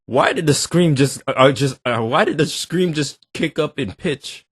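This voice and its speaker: A man hosting a reaction video, talking in animated, joking, slangy banter. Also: on the high side, moderate pace, background noise. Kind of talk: casual reaction commentary.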